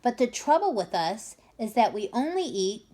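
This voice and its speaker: A woman voicing a polite, gentle female giraffe in a storybook reading. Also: on the high side, very animated, normal speed.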